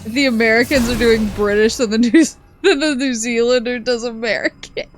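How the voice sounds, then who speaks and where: A woman's voice: a little high, brisk. A young woman streaming a game, rambling casually and reading game text aloud, laughing often. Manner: rambling, animated, laughs a lot. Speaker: vtuber streamer. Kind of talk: casual gameplay chat.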